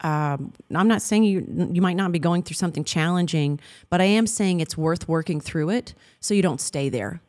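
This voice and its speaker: A woman in her thirties co-hosting a Christian marriage talk speaks about faith and marriage with earnest, affectionate warmth, often laughing. Her voice is a little low, and she reads scripture aloud in a heartfelt, conversational way during this faith-based chat.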